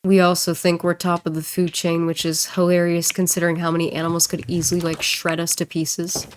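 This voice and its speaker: A woman streamer and voice actor chatting casually while she plays, rambling and joking and quick to laugh. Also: fairly low pitch, completely flat delivery, a little hiss or hum. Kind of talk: casual livestream chat while gaming.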